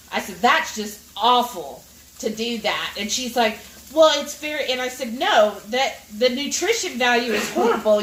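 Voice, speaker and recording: A woman tells an animated story straight to her viewers while she cooks. Her voice sits a little high, and it sounds roomy and a step back from the mic. Faint sizzling from the pan runs underneath. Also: recorded from a distance. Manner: animated, addresses viewers directly. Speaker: cooking vlog host. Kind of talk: chatty storytelling while cooking. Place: home kitchen.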